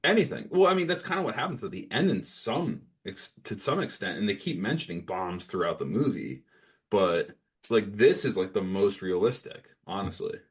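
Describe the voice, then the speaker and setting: A man co-hosting a podcast in casual chat, animated and chatty, often jumping in on others. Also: on the low side, normal speed, slightly rough. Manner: animated, chatty, jumps in and interrupts. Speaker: podcast co-host.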